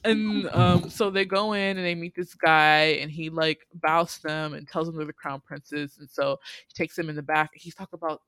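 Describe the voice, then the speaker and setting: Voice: mid-range voice, steady tone, normal speed, a bit bright, smooth, no echo. A podcast host giving a casual, chatty recap of a movie, full of fillers and laughing through the story.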